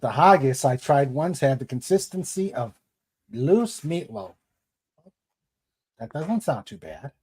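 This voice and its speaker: A man hosting a casual livestream, chatting and reading viewer comments aloud in an unhurried way. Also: mid-range voice, sing-song, a little mellow, slightly rough. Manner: unhurried, chatty, laughs at jokes. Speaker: livestream host.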